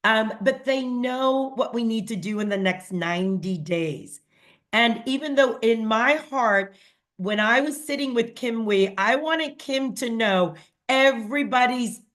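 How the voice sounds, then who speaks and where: A woman gives a motivational talk to her team in a slightly high voice. She speaks slowly and earnestly, talks straight to her listeners, and acts out the conversations she retells. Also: a bit bright. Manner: earnest, addresses listeners directly; acts out quoted dialogue with a raised voice. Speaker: team leader speaking to a sales team.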